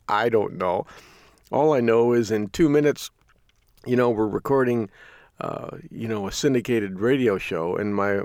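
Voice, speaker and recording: A man's voice: on the low side, gravelly, no room sound, clean studio sound. A middle-aged male host telling a casual folksy story, chuckling often as he talks. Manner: folksy storytelling with frequent laughs. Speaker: radio host. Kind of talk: casual chatty monologue.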